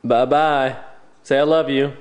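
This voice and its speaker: A man's voice: mid-range voice, steady tone, measured pace, crowd noise. A man at home talking playfully and teasingly with his toddler in a casual home video. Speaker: parent.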